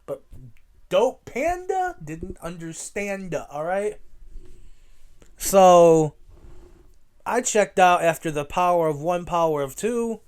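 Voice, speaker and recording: Guy rambling on his podcast, drawn-out slow delivery, keeps correcting himself, swears a bit. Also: high voice, very animated, a little mellow, clean tone. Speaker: podcast host. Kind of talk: casual solo podcast talk.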